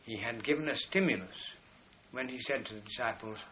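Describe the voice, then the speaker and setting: A man giving a spoken lecture in a measured, explanatory way, slowing down to stress key words as he points to drawings. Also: mid-range voice, highs cut off.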